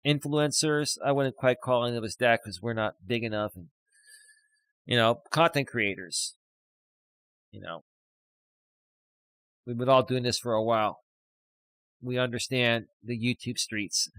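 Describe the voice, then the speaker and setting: A man's voice: medium pitch, unhurried, pauses often, fairly bright tone, clear, resonant tone, no room sound, rough recording. Rambling male live stream host. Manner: rambling, reads chat comments aloud, frequent fillers. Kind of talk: casual live stream chat reading comments.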